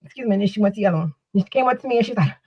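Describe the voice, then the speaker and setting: Talking very fast with lively intonation and a breathy edge, this mid-pitched woman co-hosts a podcast. She tells a casual story loosely, rambling, repeating words and restarting, and the audio sounds dull.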